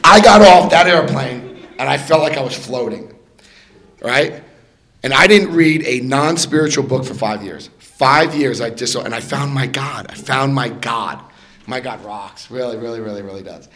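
Older man telling his story, animated. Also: mid-range voice, moderate pace. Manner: animated storyteller who acts out dialogue and laughs often. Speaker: recovery meeting speaker. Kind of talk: personal testimony to a group.

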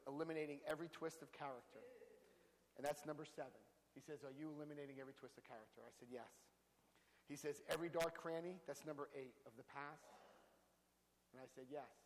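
A man speaking to a recovery group, telling his own story with lively acted-out quotes. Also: a little high, brisk, long pauses, big-room sound, a little hiss or hum, low-quality recording. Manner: storytelling, acts out quotes with big voice jumps. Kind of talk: animated personal talk to a group.

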